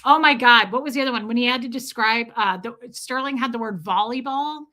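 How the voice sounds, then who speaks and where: Bright, chatty woman streamer. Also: on the high side, a little fast. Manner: chatty storyteller who laughs and swears freely. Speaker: livestream host. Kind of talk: casual livestream chat with viewers.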